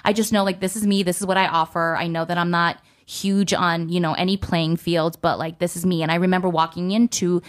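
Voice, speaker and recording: A woman's voice: lowish voice, brisk, hardly any pauses. A young woman, an entertainment host, chatting casually as she tells a story about her career. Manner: chatty, animated, acts out quoted voices.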